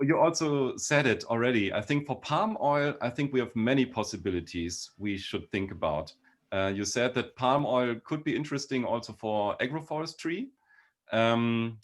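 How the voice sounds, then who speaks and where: A man with a German accent, a guest lecturer giving chatty, self-deprecating answers over a video call. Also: medium pitch. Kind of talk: casual Q&A answers.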